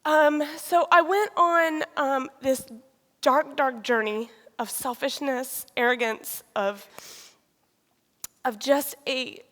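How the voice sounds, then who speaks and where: A woman, sharing a candid personal testimony with pauses and restarts. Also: high voice, steady tone, a bit bright. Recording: long reverb of a large hall.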